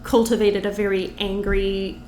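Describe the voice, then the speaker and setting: A woman stand-up comic chats as a podcast guest in a lively, animated way, at times acting out other comics' rhythms. Her voice has a middling pitch and sits in a roomy space with a faint hiss behind it. The talk is loose and conversational. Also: measured pace. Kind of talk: casual conversation.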